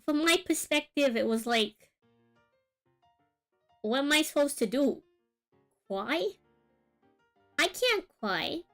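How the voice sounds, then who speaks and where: A woman's voice: on the high side, animated, unhurried, pauses often, a bit bright, faint music behind. A young woman streamer telling a long personal story in a rambling, casual way, full of fillers and asides. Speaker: art streamer. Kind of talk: casual chat while drawing on stream.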